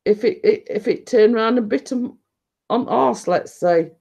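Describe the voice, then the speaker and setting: A woman's voice: a little high, measured pace, creaky, warm tone, husky. A woman with a northern English accent chatting casually on a live stream, rambling and laughing often.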